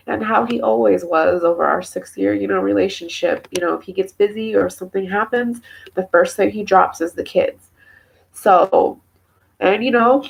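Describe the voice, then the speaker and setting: A woman's voice: medium pitch, measured pace, creaky, rough recording. A young woman and mother, tearful and emotional, venting at length in a personal vlog, rambling with many fillers. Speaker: mother talking to camera.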